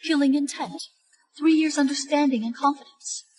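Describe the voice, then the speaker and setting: A woman's voice: high-pitched, fairly even intonation, moderate pace, a little mellow, close to an everyday voice, low-quality recording. A woman playing a cold, scheming impostor. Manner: cold, lecturing, scornful.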